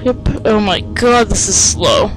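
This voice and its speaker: Slow-talking male gamer, excitable and self-mocking, faint game music behind. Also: high-pitched, poor audio. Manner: excitable, self-mocking, sing-song taunts. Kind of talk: let's play commentary.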